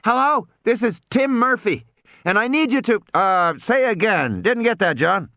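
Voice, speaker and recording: A man's voice: high-pitched, animated, a little slow, pushed and bright, dry recording, studio quality, voice pushed up, heavily acted. A man voicing a frantic young boy pleading over a radio. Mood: urgent.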